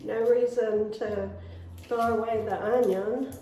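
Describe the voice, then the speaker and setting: A slow, chatty home cook with a fairly high female voice demonstrates a recipe in her kitchen as soft music plays behind her. Chopping as she goes, she talks to viewers in a folksy way, with a distant mic catching the roomy space and faint noise.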